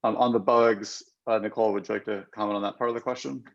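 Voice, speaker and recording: A man hosting a work video-call meeting, speaking in a measured, businesslike way. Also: lowish voice, flat delivery, creaky, dull audio. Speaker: meeting host.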